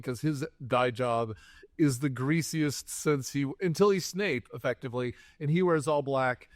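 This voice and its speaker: A man co-hosting a movie podcast, recapping scenes in a rambling, joking, animated way. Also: mid-range voice, dry recording, clean studio sound. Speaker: podcast co-host. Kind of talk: casual movie-review chat.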